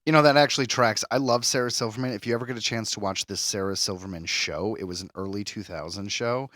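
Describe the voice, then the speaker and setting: Man, casual podcast chat, clear bright voice, dry close recording. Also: on the low side, fast talker, no room sound. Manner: teasing, joking banter. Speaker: podcast co-host.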